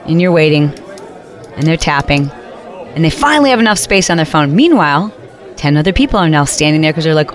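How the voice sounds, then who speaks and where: A woman hosts a talk show and tells a story in a casual, animated voice. She slips into quick put-on voices for the people in her story, and a faint crowd murmur sits behind her. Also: deep voice. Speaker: podcast host.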